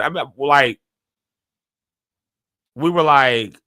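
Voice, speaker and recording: A man hosts a morning talk show in a casual, reflective style. His voice is bright and forceful, with a close, dry sound. He tells stories in an animated way, often restarting mid-sentence and leaping up in pitch. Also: normal speed, no echo. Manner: animated storyteller, many restarts, sudden jumps in pitch.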